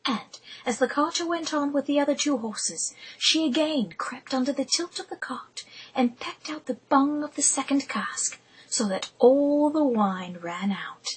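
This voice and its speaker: A woman narrating an audiobook in a hushed, intimate whisper. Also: high voice, lively intonation, a little slow, poor audio.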